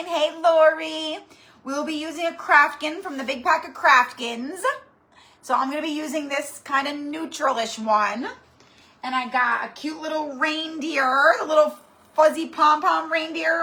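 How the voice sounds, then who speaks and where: Greeting viewers by name, a chatty, rambling craft channel host leads a live-stream craft tutorial. Her voice is high-pitched, pushed and bright.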